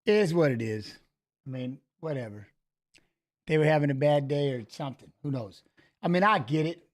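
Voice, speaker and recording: A man's voice: a little high, animated, moderate pace. A middle-aged man chatting casually as co-host, telling a story with lots of swearing and restarts. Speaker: co-host of a fight preview show. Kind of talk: casual chat.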